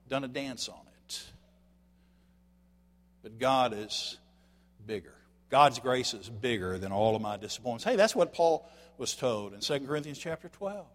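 An older man delivers a folksy sermon in a church sanctuary. He moves between hushed, conversational asides and loud, emphatic peaks. His voice sits in an ordinary middle pitch and carries a long reverb tail from the hall. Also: animated, normal speed, pauses often. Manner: folksy, swings from soft asides to shouted emphasis. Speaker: preacher.

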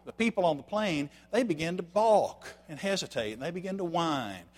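Older preacher in a reverberant church. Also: male voice, on the high side, expressive, normal speed. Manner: folksy, swings from soft asides to shouted emphasis. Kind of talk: sermon. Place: church sanctuary.

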